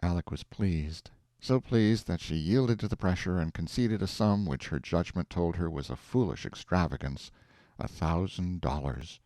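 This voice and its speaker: A man reading a classic story aloud in a measured, expressive way. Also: low voice, no echo, studio quality. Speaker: audiobook reader. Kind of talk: scripted narration of a classic story.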